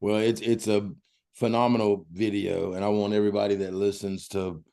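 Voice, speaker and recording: A podcast host with a fairly low, mellow, warm voice, a man who coaches a team himself. He talks in an enthusiastic, chatty way. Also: level tone, moderate pace. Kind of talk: podcast interview.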